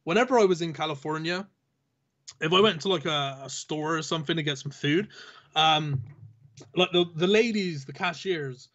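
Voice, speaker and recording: A man with a rhotic Southern English accent, talking in a loose, rambling way with lots of fillers and casual swearing. His voice sits a little high, and it comes through a dull, lo-fi mic. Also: moderate pace, a bit bright. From southern England. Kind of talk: casual chat.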